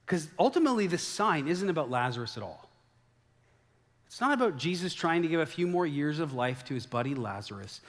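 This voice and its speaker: A man preaching a sermon as a pastor, telling the story in a lively way and acting out the quoted lines. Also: on the high side, brisk. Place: church sanctuary. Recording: long hall reverb.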